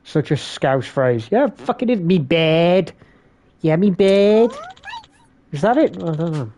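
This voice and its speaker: A man commentating a live game stream, excitable and swearing heavily, jumping between yelps and mutters. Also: a little high, a little slow.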